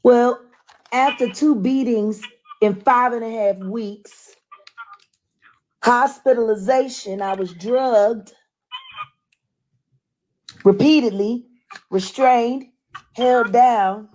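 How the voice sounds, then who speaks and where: A woman calling in, listing grievances slowly and insistently, pressing the listener with pointed questions. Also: fairly high pitch, darkish tone, low-quality recording. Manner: insistent, slow and deliberate, asks pointed questions. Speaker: caller. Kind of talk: phone call recording.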